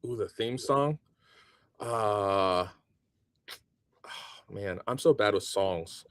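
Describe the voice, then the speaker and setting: A man as a guest in a casual interview, relaxed and thinking aloud with plenty of ums. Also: fairly low pitch, drawn-out words, no room sound, studio quality.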